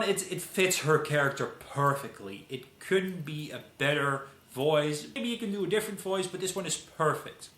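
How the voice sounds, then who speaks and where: Casting: a Dutch-accented man, emphatic, repeats himself, bright tone, echoey room. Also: a little high, a little hiss or hum. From Netherlands. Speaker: video commentator. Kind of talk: casual commentary.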